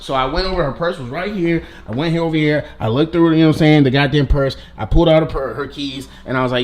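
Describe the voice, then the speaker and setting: A young man telling a storytime vlog in an animated way, full of "you know what I'm saying". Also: a little high, fast, hardly any pauses. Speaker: vlogger.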